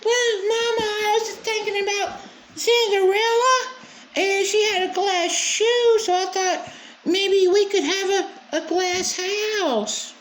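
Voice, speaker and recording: Whiny baby-girl voice, sing-song and simpering, pitched way up; a man mocking. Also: fairly even intonation, unhurried, fairly bright tone. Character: whiny babyish young girl.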